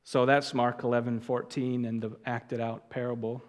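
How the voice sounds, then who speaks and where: A man preaching an expository sermon, stressing key words loudly and dropping to quiet asides. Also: mid-range voice, flat delivery. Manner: emphatic, deliberate, swings from loud stresses to quiet asides. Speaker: pastor. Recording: long hall reverb.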